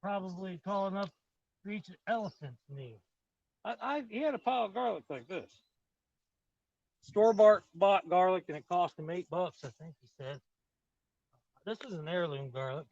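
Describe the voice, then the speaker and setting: A man's voice: high voice, moderate pace, creaky, long pauses, darkish tone, dry recording, muffled recording. A man hosting a casual live-stream garden tour outdoors, chatting with viewers in a rambling, friendly-plain way while filming on a phone or camera. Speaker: garden channel host. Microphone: phone or camera on a tripod, then handheld while walking.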